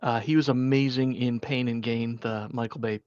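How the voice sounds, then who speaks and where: A man talks through a movie review in a loose, rambling way, full of restarts and fillers. His voice sits at an ordinary pitch. The recording is dry and a bit dull. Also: fairly even intonation, moderate pace, darkish tone, dry recording. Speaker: podcast host. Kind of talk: casual movie review chat.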